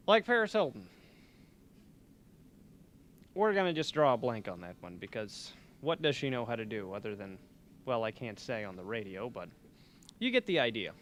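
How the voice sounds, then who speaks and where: A man's voice: medium pitch, a bit bright, a little hiss or hum. A young man hosting a college radio show, chatting and joking in a loose, rambling, self-mocking way from a small studio. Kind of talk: rambling comedic radio chat.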